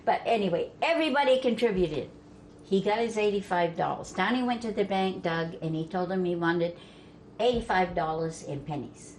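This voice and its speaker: An older woman from Vermont telling family stories in a folksy way, laughing as she goes and dropping her voice low for the men she quotes. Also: normal speed, darkish tone. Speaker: storyteller guest. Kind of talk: family storytelling. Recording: faint background noise.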